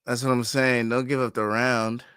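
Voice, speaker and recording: A man hosting a live fight watch-along, giving fan commentary, who swears often and pleads and shouts at the fighters on screen. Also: mid-range voice, level tone, moderate pace, clean tone, dry recording, clean studio sound.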